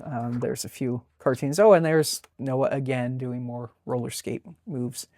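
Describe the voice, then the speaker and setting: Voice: medium pitch, fairly even intonation, unhurried, mellow, no echo. A webcomic artist casually narrating a sketchbook tour, talking in a rambling, chatty way with many fillers.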